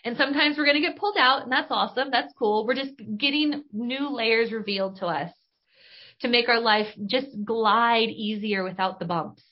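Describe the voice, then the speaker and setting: A woman's voice: fairly high pitch, normal speed. Bubbly woman podcast host, lo-fi sound. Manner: bubbly, enthusiastic, casual with mild slang. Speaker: podcast host and business coach. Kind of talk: spiritual coaching monologue. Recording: dull lo-fi recording.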